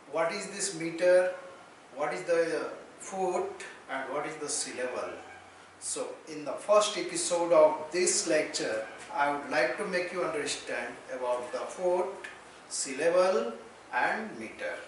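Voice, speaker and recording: A man with an Indian English accent teaching a slow, deliberate lesson on poetry. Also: fairly high pitch, expressive, far from the mic, a little hiss or hum. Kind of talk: lecture on poetry. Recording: echoey room, voice off-mic.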